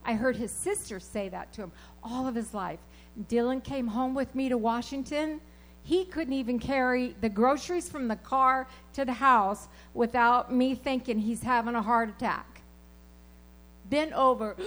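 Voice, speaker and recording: A woman preaching a sermon, telling personal stories in an animated, emphatic way and repeating her key phrases. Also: sits high, normal speed, rough recording.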